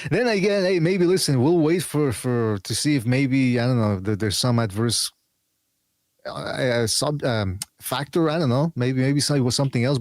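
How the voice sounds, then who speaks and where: A man's voice: medium pitch, a little mellow, no echo, studio quality. A man hosting a casual podcast panel chat, rambling and restarting his sentences with many fillers. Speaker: podcast host.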